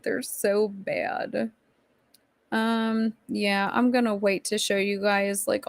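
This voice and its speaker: Chatty woman streamer with gravelly voice. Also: mid-range voice, dry recording. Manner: chatty, rambling, reacts to chat. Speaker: streamer host. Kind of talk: casual livestream commentary reading chat.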